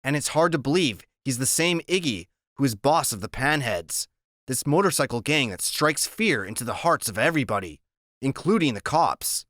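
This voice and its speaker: A man's voice: medium pitch, normal speed, dry recording. Man narrating an audiobook, dry sound. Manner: steady, plain storytelling. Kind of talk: first-person audiobook narration.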